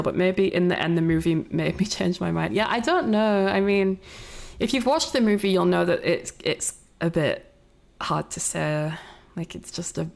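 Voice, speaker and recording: A woman's voice: on the low side, creaky, darkish tone. A woman streamer casually talking over a film, rambling, swearing and laughing as she goes. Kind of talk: casual reaction commentary.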